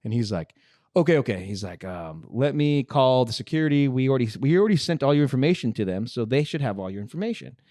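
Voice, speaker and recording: Animated swearing storyteller man. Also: mid-range voice, quick pace, hardly any pauses, dry recording, clean studio sound. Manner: animated, swearing, acts out dialogue. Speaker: podcast host. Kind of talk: casual storytelling.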